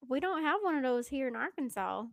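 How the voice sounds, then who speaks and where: A woman's voice: sits high, sing-song, fairly quick, creaky, full character voice. A woman putting on a folksy small-town Southern local with a thick, drawling Southern American accent. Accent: exaggerated Southern American.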